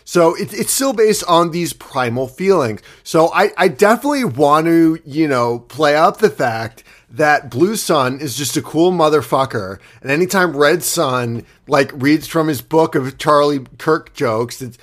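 A man's voice: a little high, expressive, measured pace, hardly any pauses. A man co-hosting a comedy podcast, riffing loosely with profanity and plenty of fillers. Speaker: podcast co-host acting as debate moderator. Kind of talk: casual comedy chat.

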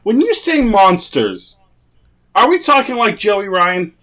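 A man's voice: sits high, very animated, takes it slowly, a bit bright. A man co-hosting a comedy podcast, asking wry, teasing questions. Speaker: podcast co-host. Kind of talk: casual comedic chat.

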